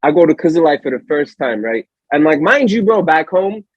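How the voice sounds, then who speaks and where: A young American man hosting a casual podcast, slangy and animated, calling his guest "bro" all the time. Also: a little high, moderate pace, husky, no room sound. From Allentown, Pennsylvania, USA. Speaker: podcast host. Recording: slightly dull, dry lo-fi recording.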